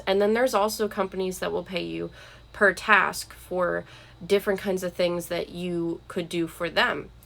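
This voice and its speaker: A woman's voice: mid-range voice, a bit bright. A young woman vlogger talking earnestly and encouragingly to camera about money habits, with frequent "like" and "um". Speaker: vlogger giving money advice. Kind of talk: casual talk to camera.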